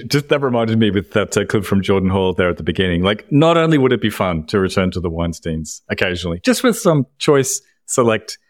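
A man co-hosting a podcast, bantering and laughing easily. His voice sits fairly low, and the recording is dry and close. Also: very animated, brisk, few pauses, dry recording. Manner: jokey, laughs often, banters. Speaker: podcast co-host. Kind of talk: casual chat.

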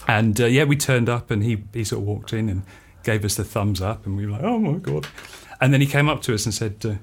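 A man, a freelance composer, telling anecdotes in a casual interview, animated and laughing often as he acts out what people said. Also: fairly low pitch, fast. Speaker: freelance composer and musician, podcast guest.

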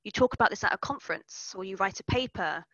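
A woman speaks as an archaeologist guest on a podcast, explaining her work in a relaxed, measured way. Her voice is bright and sits close and dry, though the audio is dull and lo-fi. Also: medium pitch, no echo. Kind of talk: casual conversation.

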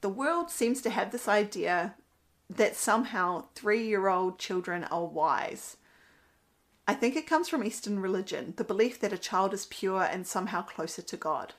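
A woman, a mother talking earnestly about parenting in a casual monologue, laughing now and then at her own stories. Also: mid-range voice. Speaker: mother giving parenting commentary. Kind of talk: casual monologue with Bible quotes.

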